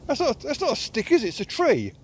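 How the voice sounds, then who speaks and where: A middle-aged man films on a phone held while walking his dogs outdoors by water in the countryside, teasing them playfully in a chatty, sing-song way. His husky, fast voice is extremely high, with wildly swooping pitch.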